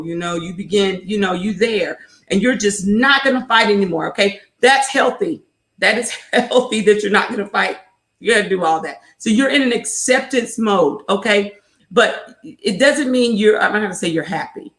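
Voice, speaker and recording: A woman coaches her viewers in a live talk, hammering each point home with repeated checks that they are following. Her voice sits at a middle pitch, and her encouragement leans on faith the way a preacher's would. The recording has a roomy echo. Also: moderate pace, fairly bright tone. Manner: emphatic and repetitive, drives points home with "okay?". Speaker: host and life coach.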